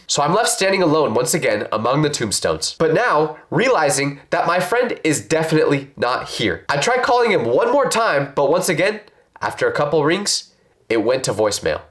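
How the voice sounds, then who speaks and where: Animated male storyteller, roomy sound. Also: fairly high pitch. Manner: expressive, self-mocking, dramatic pauses. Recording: roomy echo.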